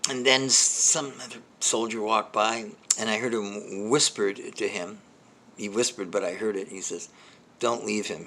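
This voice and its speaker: An older man spins a long comic story in a rambling, self-deprecating way, doubling back and wandering into asides. His voice sits fairly low, yet has a bright, pointed edge. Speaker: comedian, host. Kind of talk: storytelling monologue.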